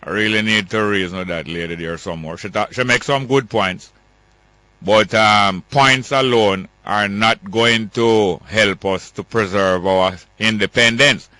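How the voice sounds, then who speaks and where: A man with a Jamaican accent hosting a call-in radio talk show, firm and quick to cut callers off. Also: fairly low pitch, pushed and bright, no room sound.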